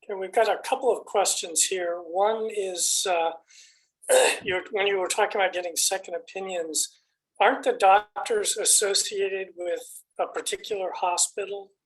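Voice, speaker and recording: Woman moderator, relays audience questions, plain delivery, mid-pitched. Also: steady tone, moderate pace, low-quality recording.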